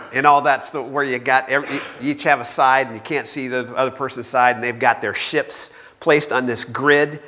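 A man preaching a sermon in a lively storytelling manner, acting out the voices of the people he quotes. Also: medium pitch, long reverb tail.

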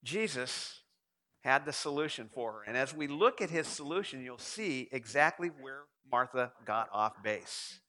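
A man's voice: medium pitch, expressive, measured pace, pushed and bright. A male pastor preaching a sermon and putting rhetorical questions to his listeners.

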